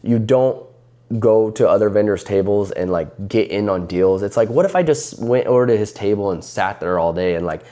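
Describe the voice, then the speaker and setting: A man with a low, mellow, warm voice tells a story to camera in a casual, rambling way. He restarts his sentences often and acts out the people he is talking about. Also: moderate pace. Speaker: card vendor vlogger.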